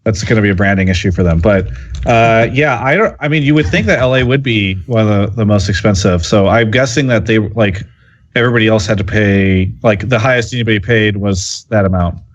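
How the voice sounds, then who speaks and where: A man's voice: fairly low pitch, fairly quick. Chatty man on slightly dull audio. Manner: talkative, filler-heavy reasoning. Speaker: podcast guest, journalist. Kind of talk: casual panel discussion.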